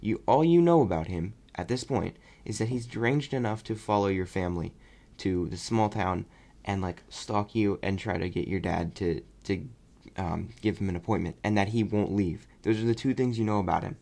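A young man casually reviewing a movie on his podcast, rambling and animated. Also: fairly low pitch, moderate pace, creaky. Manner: rambling, animated, mocking voices when quoting. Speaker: podcast host.

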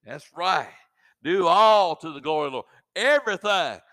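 A man's voice: high-pitched, expressive, moderate pace, fairly bright tone. A man preaching a sermon in a fervent, exhorting way with folksy asides.

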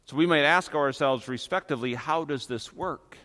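A man preaches a sermon with earnest, emphatic delivery, drawing out the words he wants to land. His voice sits a little high and sounds bright and forceful. Long reverb from a church hall trails behind him. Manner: earnest, emphatic preaching with slow stressed phrases. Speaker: pastor.

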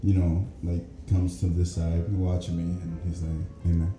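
A man with a very low voice tells a story in casual chat, breaking into laughter and acting out what others said. He sounds as if he is in an echoey room, with music playing clearly in the background. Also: monotone, moderate pace. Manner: laughs through stories, acts out cops' lines.

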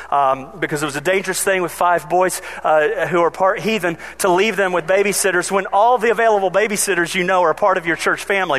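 A man preaching a sermon, telling funny stories from his childhood in an animated way. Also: sits high. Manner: animated, humorous storyteller. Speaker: pastor. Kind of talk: sermon with personal storytelling.

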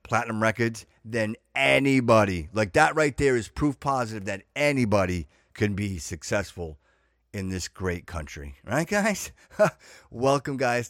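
A man's voice: on the low side, no room sound, clean studio sound. A middle-aged man hosting a podcast, ranting in a casual monologue and repeating himself as he gets fired up. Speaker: podcast host.

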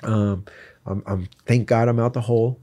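A man's voice: fairly low pitch, steady tone, normal speed, warm tone. A man telling his personal faith story as a guest in an earnest, candid way. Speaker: guest sharing his testimony. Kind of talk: personal faith testimony in conversation.

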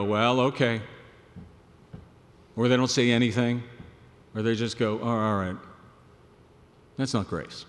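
A male pastor preaching a sermon, swelling to loud emphatic peaks and then dropping low and quiet. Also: big-room sound.

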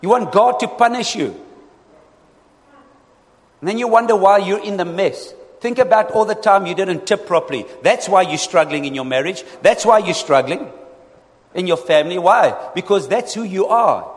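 An animated male preacher with a fairly high voice, repeatedly calling out to his congregation. His voice rings with a long hall reverb. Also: normal speed. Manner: animated, asks the congregation for responses. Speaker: pastor. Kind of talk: sermon.

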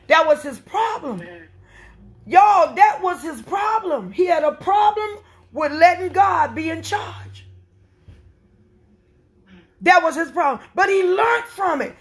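A woman preaching a sermon, swinging from soft, quiet lines to impassioned shouting. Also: extremely high pitch, expressive, a little slow, pauses often.

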